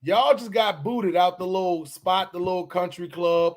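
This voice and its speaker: A podcast host, a man with a high voice, chatting loosely and joking. He slows down and stretches words out when he wants to make a point. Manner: loose, joking, drawn-out emphatic delivery. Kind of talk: casual chat.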